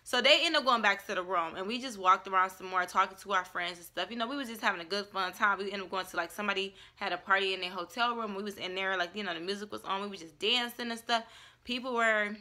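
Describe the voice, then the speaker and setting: A young woman tells a story-time vlog in a bright, forward voice. She talks in a lively, chatty way and fills her sentences with "like". Her pitch sits in a middle range for a woman. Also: fast. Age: young adult. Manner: animated, chatty storytelling with lots of "like". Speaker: vlogger.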